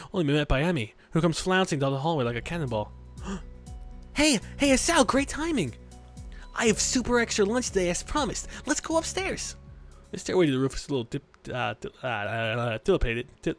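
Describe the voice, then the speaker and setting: Lively young man reading a game aloud. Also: medium pitch. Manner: joking, profane asides between narration. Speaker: let's play host. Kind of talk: reading a visual novel aloud with commentary.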